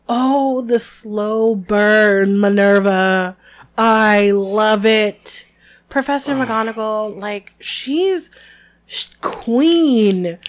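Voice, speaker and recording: A woman co-hosting a podcast, chatting casually in an animated, emphatic way and leaning on exaggeration. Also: mid-range voice, extremely slow. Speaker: podcast co-host. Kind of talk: casual chat between readings.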